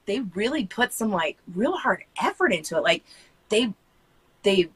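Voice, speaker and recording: A woman's voice: medium pitch, sing-song, normal speed, a bit bright, breathy edge, low-quality recording. An American woman chatting as a podcast guest, frank and rambling, full of fillers and restarts. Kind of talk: casual chat.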